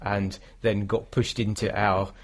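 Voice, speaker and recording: British man, guest, husky, lowish voice, thoughtful, easygoing. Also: little pitch movement, unhurried. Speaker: guest historian. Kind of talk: conversational interview.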